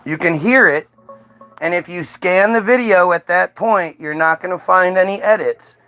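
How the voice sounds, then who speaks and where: A man's voice: high-pitched, moderate pace, sharp tone, dry recording, soft background music, rough recording. An American man arguing with an AI voice in blunt, insistent casual talk. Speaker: streamer questioning an AI.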